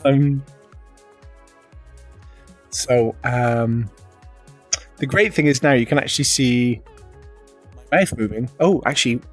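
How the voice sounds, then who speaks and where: A man's voice: mid-range voice, takes it slowly, pauses often, soft background music. A British man streaming live, chatty and self-deprecating, laughing often as he talks to viewers. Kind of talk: casual live-stream chat.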